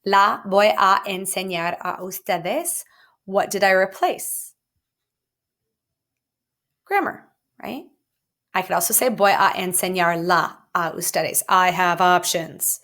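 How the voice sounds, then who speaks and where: A woman teacher explaining grammar in a recorded lesson, playful and jokey, with sudden lively jumps up in pitch. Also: slow pace, pauses often. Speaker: Spanish teacher.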